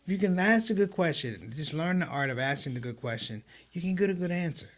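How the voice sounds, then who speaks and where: Animated storytelling male comedian. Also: on the high side, fairly quick. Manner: storytelling, animated, quotes others in a raised voice. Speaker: comedian guest. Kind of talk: livestream conversation.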